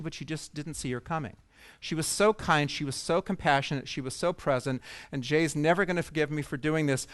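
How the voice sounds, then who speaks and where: A man's voice: a little high, clear, resonant tone, dry recording. A man giving a conference talk, telling a personal story with humor and self-deprecating asides to an audience. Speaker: speaker at a coaching conference. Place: conference stage.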